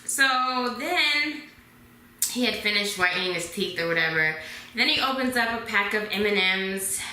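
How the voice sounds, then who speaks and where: A woman in her twenties telling a dramatic storytime vlog, dropping to hushed whispers at times. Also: mid-range voice, lively intonation, moderate pace. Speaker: vlogger. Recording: echoey room.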